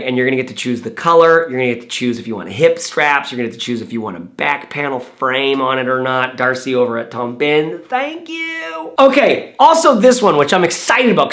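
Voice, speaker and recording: Excitable rambling male bag reviewer. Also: fairly high pitch. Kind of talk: casual enthusiastic vlog talk.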